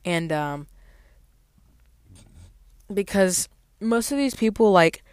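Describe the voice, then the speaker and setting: A woman's voice: mid-range voice, animated, slow pace, smooth, dry recording. A woman telling a storytime rant about her parking job in a blunt, profane, sassy way, with sudden emphatic outbursts. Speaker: valet parking attendant.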